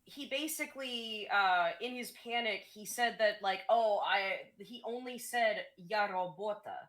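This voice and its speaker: A woman's voice: on the high side, unhurried, fairly bright tone. A woman streamer chatting casually, explaining things in a hesitant way with many fillers and restarts.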